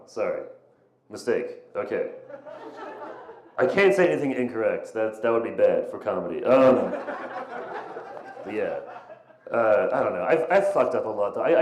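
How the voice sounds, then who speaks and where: A young man in his twenties doing a rambling, self-deprecating stand-up set, stammering and restarting his lines. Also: medium pitch. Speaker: stand-up comedian. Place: small comedy venue. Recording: echoey, poor-quality live room recording. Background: audience laughter.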